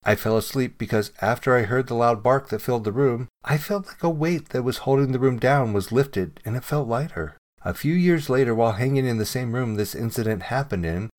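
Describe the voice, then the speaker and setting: A man reading a submitted true ghost story aloud in calm, measured narration that drops to a hush at times. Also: mid-range voice.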